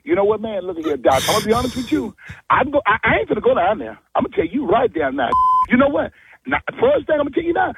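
A very high, gravelly male voice with a husky, breathy edge, talking over a phone line. He is exasperated and blunt, looping back on the same phrases. The sound is dry, with no room around it. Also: very animated, fast talker, fairly bright tone, no echo. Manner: exasperated, blunt, repeats himself. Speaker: prank call target. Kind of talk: heated phone conversation.

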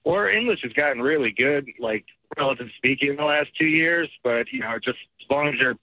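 A man calling in to a radio show, telling his story in a relaxed, chatty way. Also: mid-range voice, a little fast, dry recording. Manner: relaxed, chatty, a little laughing. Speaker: caller. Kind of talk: phone-in call to a radio show. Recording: phone line.

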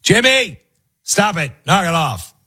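A man doing an exasperated mom telling someone off, husky voice jumping up high when she scolds. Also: sing-song, takes it slowly, pushed and bright, heavily acted. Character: scolding mother, middle-aged woman.

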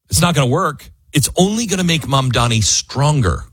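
A man's voice: fairly high pitch, expressive, moderate pace, hardly any pauses, a bit bright, slightly rough, no echo. A man hosting talk radio, giving emphatic, argumentative political commentary from a studio. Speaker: radio talk show host.

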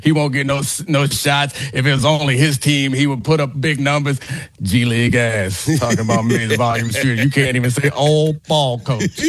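A man's voice: medium pitch, fairly even intonation, fairly quick, fairly bright tone. A middle-aged man co-hosting a casual sports talk show, teasing his colleagues with playful trash talk and laughing often. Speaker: co-host.

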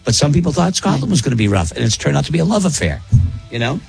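A man's voice: a little high, big pitch swings, fast, creaky, darkish tone, husky, soft background music. A man hosting a casual morning radio show, rambling along in an easygoing way with plenty of fillers.

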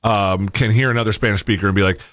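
A man's voice: on the low side, fairly even intonation, quick pace, a bit bright, dry recording, clean studio sound. A man co-hosting a talk show, rambling and hesitant in casual chat with many fillers. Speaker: co-host.

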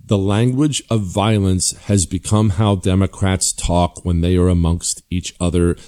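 A man talks straight to his audience in a pointed, sarcastic monologue. His voice sits low and sounds dark and mellow. He hammers each point with blunt emphasis. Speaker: political commentary host. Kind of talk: opinionated monologue.

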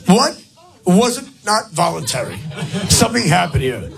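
Loud, gravelly high-voiced comedian on stage. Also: male voice, big pitch swings, moderate pace. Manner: loud, shouting, crowd work. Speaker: stand-up comedian. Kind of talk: stand-up set. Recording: live club recording with crowd and music. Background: audience laughter.

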